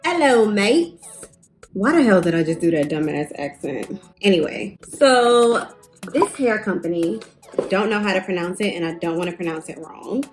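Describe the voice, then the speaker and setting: A woman's voice: on the low side, moderate pace, over music. A young woman chatting casually to camera while doing her hair, rambling with fillers and asides. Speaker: beauty vlogger.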